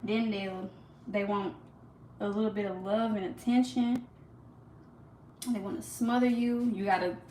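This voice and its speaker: A woman's voice: on the high side, a little hiss or hum, poor audio. Chatty young woman live-streaming at home. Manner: chatty and animated, lots of "like" fillers, laughs often. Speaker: livestream host. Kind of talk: casual live-stream chat. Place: home kitchen.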